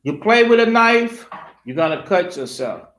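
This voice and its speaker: A man with a high voice preaches through a Bible passage, pressing his points with rhetorical questions and repeated phrases. The sound rings in a roomy, echoey space. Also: sing-song, moderate pace, a bit bright. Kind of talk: preaching scripture study. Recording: roomy echo.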